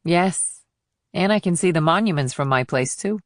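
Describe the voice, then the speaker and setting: A woman voicing a blunt, wry female FBI agent in an audiobook, speaking in a low, plain manner. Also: lively intonation, moderate pace, no echo, clean studio sound, lightly acted. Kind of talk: audiobook dialogue.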